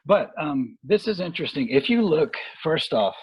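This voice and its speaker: A man talking boxing in a casual podcast chat, rambling and halting with lots of fillers and restarts. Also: fairly high pitch, big pitch swings, highs cut off. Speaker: boxing analyst guest.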